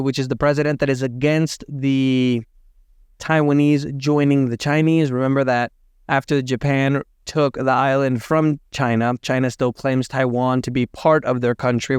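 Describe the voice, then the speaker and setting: A man giving casual commentary on market and economic news, thinking aloud, hedging his facts and doing quick math as he talks. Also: mid-range voice, darkish tone, clear, resonant tone, dry recording, studio quality.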